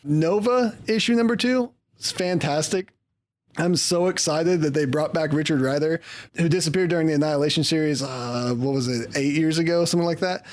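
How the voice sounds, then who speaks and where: A man with a voice on the high side talks a little fast as co-host of a casual podcast about comics. Chatting with friends, he rambles through his thoughts and chuckles often.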